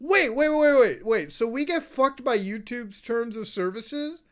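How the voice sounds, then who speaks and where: A woman's voice: on the high side, animated, unhurried. A woman streamer giving profane reaction commentary on a live stream, exclaiming and shrieking in disbelief.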